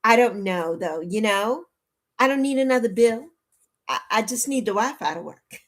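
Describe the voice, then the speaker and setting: Flustered high-voiced woman in her sixties. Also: lively intonation, normal speed. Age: 60s. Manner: flustered, pleading, greets chatters warmly by name. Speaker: livestream host. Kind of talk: casual livestream chat. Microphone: laptop mic.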